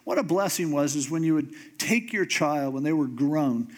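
A man preaching a sermon, telling a story in a comic way and acting out the characters with sudden jumps in pitch. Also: normal speed. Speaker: pastor.

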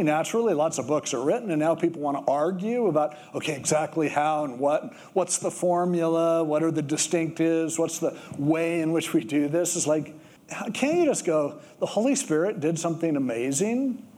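This pastor preaches at normal speed in an easygoing, conversational voice that sits a little high for a man. He drifts into stories and explains scripture as though chatting with the congregation, adding lively acted quotes.

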